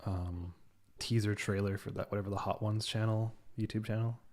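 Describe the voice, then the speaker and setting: A man co-hosting a casual gaming podcast, easygoing and quick to agree. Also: on the low side, fairly even intonation, darkish tone. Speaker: podcast co-host.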